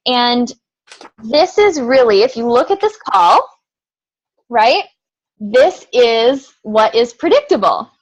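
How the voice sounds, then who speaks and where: A woman's voice: fairly high pitch, expressive, takes it slowly, long pauses, lo-fi sound. A woman with a slightly raised voice leads a group call. She talks in an upbeat coaching way and keeps asking the team rhetorical questions.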